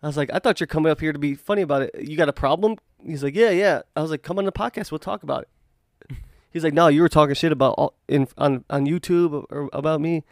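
A man with a slightly high, gravelly voice tells a story on a podcast, acting out everyone's lines with lots of swearing. The sound is dry and close, as if into a studio mic. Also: fast, dry recording. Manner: animated storytelling, acts out quotes, swears freely. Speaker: podcast host. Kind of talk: casual podcast chat.

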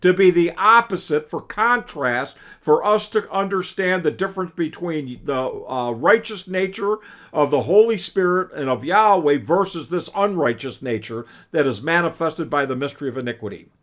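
High-pitched earnest man teaching scripture. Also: animated, moderate pace, fairly bright tone. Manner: earnest, emphatic, often quotes his old teacher. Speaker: Bible class teacher. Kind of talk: preaching lecture. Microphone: video call.

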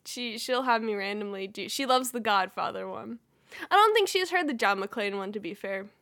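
A woman's voice: mid-range voice, expressive, normal speed, a bit bright. A young woman hosting a podcast in casual chat, giggly and self-deprecating, with lots of fillers. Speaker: podcast host.

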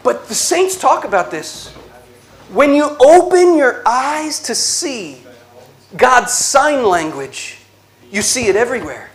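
A man giving an inspirational religious talk, telling stories slowly with dramatic pauses and a playful, animated delivery. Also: very high voice. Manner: slow dramatic storytelling with pauses. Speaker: Catholic speaker.

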